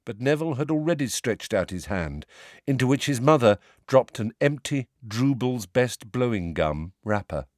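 A man giving a measured, expressive audiobook narration. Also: mid-range voice, no room sound, studio quality.

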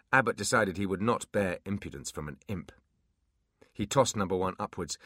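A man narrating a fantasy audiobook in an expressive storytelling manner. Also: low-pitched, dry recording, clean studio sound.

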